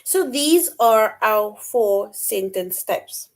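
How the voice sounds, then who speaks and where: A woman's voice: mid-range voice, animated, extremely slow. A woman teaching a middle-school grammar lesson, repeating key points and explaining with examples.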